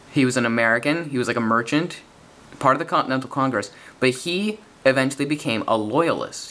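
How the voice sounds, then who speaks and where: A young man giving casual, excited gameplay commentary, rambling and correcting himself as he goes. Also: mid-range voice. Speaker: gaming video commentator.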